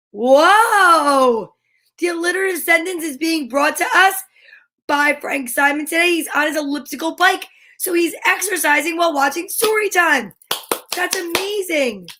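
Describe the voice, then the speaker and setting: A woman's voice: high-pitched, bright, forceful tone. A woman hosting a live-stream show, chatting bubbly with viewers and greeting them by name. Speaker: host. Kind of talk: casual live-stream chat.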